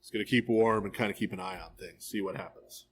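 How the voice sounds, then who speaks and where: Casual priest teaching a live Bible class. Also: male voice, fairly low pitch, fast talker, slight background noise, low-quality recording. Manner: casual, animated retelling with asides and "right?". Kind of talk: live verse-by-verse Bible study. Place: church hall, recorded live.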